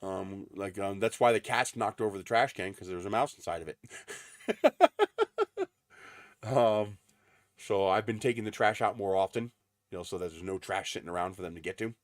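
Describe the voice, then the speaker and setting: Low-voiced man rambling on a livestream. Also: moderate pace, pauses often, no room sound, studio quality. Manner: rambling storyteller with frequent ums. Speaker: livestream host. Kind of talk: casual livestream chat. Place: home in the desert.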